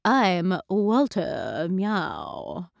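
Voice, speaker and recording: A woman voicing an old, grandly formal male vampire cat who talks in a pompous, courtly and slow way. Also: on the low side, wildly swooping pitch, vocal fry, dry recording, studio quality, exaggerated voice.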